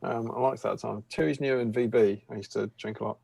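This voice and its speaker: A man reads viewer messages aloud on a casual stream, cracking jokes between them. His voice is gravelly and slightly husky. The sound is close and dry. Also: medium pitch, fairly even intonation, fairly quick, warm tone, dry recording. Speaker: co-host of painting stream. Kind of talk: casual chat reading viewer comments.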